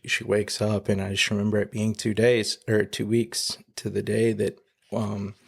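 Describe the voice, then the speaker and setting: A man, a podcast guest, telling an emotional personal testimony in a halting way, with many fillers and restarts, near tears. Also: lowish voice, creaky, slightly rough.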